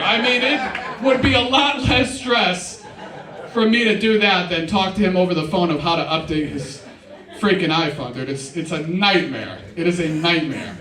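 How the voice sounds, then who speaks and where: A man's voice: sits high, normal speed, pushed and bright. A young man performing a casual stand-up comedy set at a live show, often saying "dude". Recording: roomy live sound, mic at a distance.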